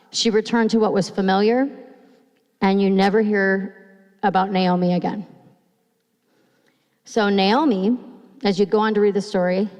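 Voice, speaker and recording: A woman's voice: mid-range voice, darkish tone. Nervous woman pastor preaching in an echoing church. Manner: nervous, reads slowly with halting restarts. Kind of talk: sermon with scripture reading. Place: church sanctuary. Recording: long hall reverb.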